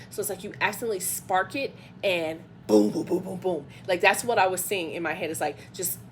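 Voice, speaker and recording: A woman giving a casual tarot reading, telling a rambling, excitable story full of fillers and lost words. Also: medium pitch, slight background noise. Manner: excitable, loses words mid-sentence. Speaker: intuitive tarot reader.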